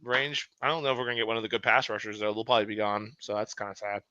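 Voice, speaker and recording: A man co-hosting a casual sports podcast, excitable and swearing freely, with quick asides. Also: on the low side, no echo, highs cut off. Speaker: podcast co-host.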